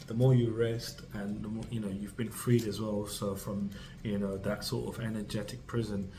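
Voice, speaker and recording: A man's voice: fairly low pitch, flat delivery, normal speed, noisy background. A man giving a tarot reading to camera, rambling and reassuring, speaking straight to the listener with many fillers and restarts. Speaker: tarot reader.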